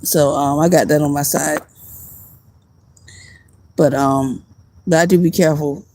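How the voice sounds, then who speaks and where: A woman's voice: low-pitched, steady tone, measured pace, mellow, slight background noise, poor audio. A woman, chatting casually with viewers on a live stream, laughing often. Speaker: streamer answering chat. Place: outdoors at night.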